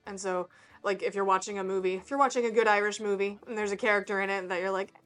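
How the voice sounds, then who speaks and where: A woman's voice: mid-range voice, steady tone, fast, a bit bright. A chatty woman co-host talking casually with a friend. She hesitates with fillers and laughs often, and faint music plays beneath her voice. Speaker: podcast co-host. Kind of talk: casual chat.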